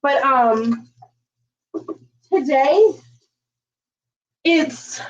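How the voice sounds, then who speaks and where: A woman's voice: high-pitched, lively intonation, drawn-out words, distant mic, highs cut off, slight background noise. A woman hosting a home cooking livestream, chatting folksily to viewers with lots of ums. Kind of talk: casual livestream chat while cooking. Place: home kitchen.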